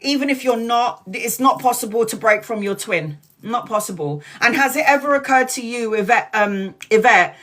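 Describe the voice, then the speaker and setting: A woman's voice: fairly high pitch, animated, moderate pace, few pauses, fairly bright tone. Candid woman tarot reader. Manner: candid, swears freely, laughs often; earnest and emphatic, repeats lines. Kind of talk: live-stream tarot reading and chat.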